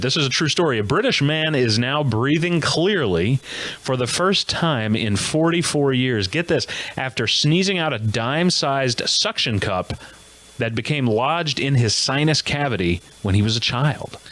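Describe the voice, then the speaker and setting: Comedy host, man, mid-pitched voice; jokey news monologue, self-mocking and rambling. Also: sharp tone.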